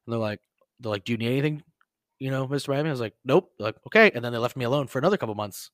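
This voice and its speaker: A man co-hosting a podcast, telling profane, animated stories and shouting out quoted lines. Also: medium pitch, very fast, no room sound, studio quality. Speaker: podcast co-host. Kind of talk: casual storytelling chat.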